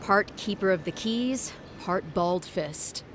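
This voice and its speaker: A weary, harried guard captain. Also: female voice, mid-range voice, lively intonation, slow pace, a little hiss or hum. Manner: weary, apologetic, sighing.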